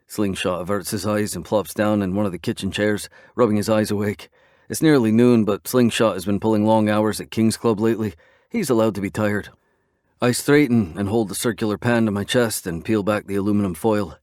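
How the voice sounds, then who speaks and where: A man narrating a romance audiobook in the first person, in a steady, conversational storytelling manner. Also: lowish voice, brisk, no room sound, studio quality.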